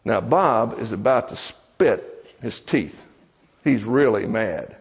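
A man's voice: fairly low pitch, expressive, slow. A man preaching a sermon in a church, telling a story in a folksy, conversational way, with joking asides to the congregation. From American South. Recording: dull sound with long hall reverb.

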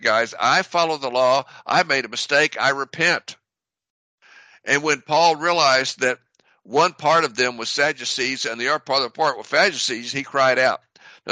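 A man leads a Bible study with a strikingly bright, forceful tone. His voice is very dry and close, with no room sound. He talks through the text in a conversational way and stops often to explain Greek words. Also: mid-range voice, dry recording, poor audio. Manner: conversational, with fillers and restarts. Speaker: Bible teacher. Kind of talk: verse-by-verse Bible study teaching.

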